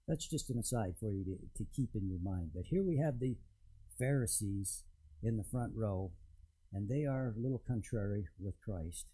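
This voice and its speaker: A man preaching a sermon to a congregation, retelling a scripture story in a conversational, storytelling way with emphatic pauses. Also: on the low side, lively intonation, mellow, breathy edge, poor audio. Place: church in front of a congregation.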